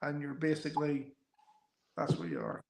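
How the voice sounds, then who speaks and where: A man joins by call and answers in short, hesitant bits. His voice sits slightly high. The room is echoey with faint background noise. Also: very animated, normal speed, gravelly, darkish tone. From Northern Ireland. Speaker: guest on a call. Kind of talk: casual chat.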